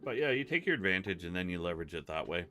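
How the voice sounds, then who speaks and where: A man hosting a casual livestream, rambling and telling stories with quick voice impressions. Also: sits low, very animated, pushed and bright, soft background music. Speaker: livestream host.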